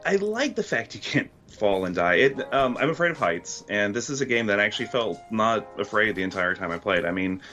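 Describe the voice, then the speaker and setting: A man's voice: on the low side, lively intonation, fairly quick, few pauses, pushed and bright, faint music behind. A man, a guest critic, chatting casually on a gaming podcast, talking hesitantly with many ums and you-knows.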